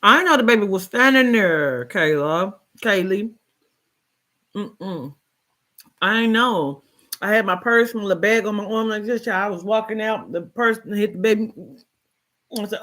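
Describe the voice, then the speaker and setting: A woman with a mid-range voice shares a story in a loose, chatty way. She is expressive and slips in colloquial asides as she goes. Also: mid-range voice, unhurried. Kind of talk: reading a short story aloud, then casual storytelling.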